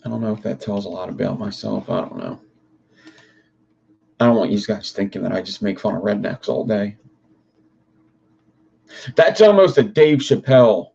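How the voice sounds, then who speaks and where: A man's voice: on the low side, vocal fry, mellow, breathy edge, dull audio. A young man hosting a livestream. He rambles in casual chat, swears freely and talks to his viewers. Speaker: livestream host.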